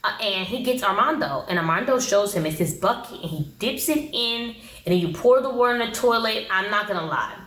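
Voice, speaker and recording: A woman's voice: mid-range voice, lively intonation, a little fast, a bit bright. A woman giving a blunt, slangy casual recap of a TV episode, acting out the people she quotes. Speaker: TV show reviewer. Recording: roomy echo.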